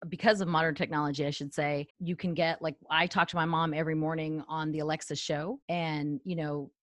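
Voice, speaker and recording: A woman's voice: sits low, flat delivery, brisk, no echo. A middle-aged woman hosting a casual conversation, talking candidly and thinking aloud. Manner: candid, chatty, talks it through aloud.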